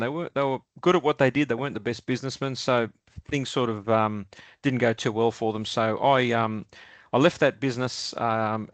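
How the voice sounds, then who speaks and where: A man's voice: medium pitch, no echo. An Australian man around sixty, a podcast guest telling stories in a loose, rambling way with lots of ums, restarts and chuckles. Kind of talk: casual storytelling interview.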